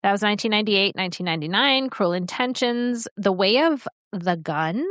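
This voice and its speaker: A woman co-hosting a podcast in casual chat, talking in a chatty, rambling way with quick asides. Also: mid-range voice, expressive, a bit bright, dry recording, studio quality. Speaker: podcast co-host.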